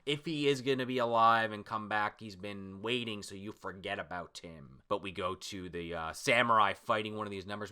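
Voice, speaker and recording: A man's voice: fairly low pitch, moderate pace, hardly any pauses, bright, forceful tone, clear, resonant tone. A man casually reading through a comic chapter and commenting, loose and chatty, swearing freely and voicing the lines with emphasis. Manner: reads character lines aloud with emphasis. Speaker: comic reaction video host.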